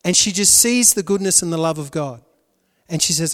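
A male pastor preaching a sermon, swinging between loud emphatic lines and hushed, prayerful ones. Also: sits high, expressive, moderate pace, long reverb tail.

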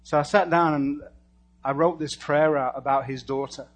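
Male preacher, higher than usual voice, casual humorous storyteller who swings from quiet to loud. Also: moderate pace. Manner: animated storyteller with sudden shifts between hushed and loud; casual and humorous, laughs at his own lines. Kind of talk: storytelling sermon and spoken prayer.

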